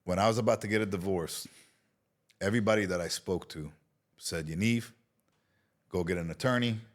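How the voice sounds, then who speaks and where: Deep-voiced, lively man telling a story. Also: a little fast. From Israel. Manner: animated, swearing storyteller who acts out quotes. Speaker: guest. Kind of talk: casual storytelling interview.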